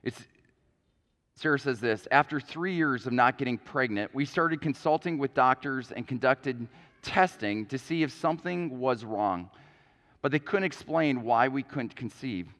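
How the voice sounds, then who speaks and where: A man's voice: medium pitch, lively intonation, measured pace, fairly bright tone. A man preaching a sermon as a pastor, earnest, often repeating words as he starts a phrase, with an Upper Midwest American accent. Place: church sanctuary. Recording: long church hall reverb.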